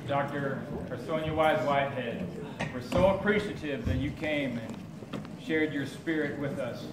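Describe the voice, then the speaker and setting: A man's voice: on the high side, unhurried, recorded from a distance. Man moderating in a noisy echoey hall. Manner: warm and appreciative. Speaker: panel moderator. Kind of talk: formal event introductions. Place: conference hall.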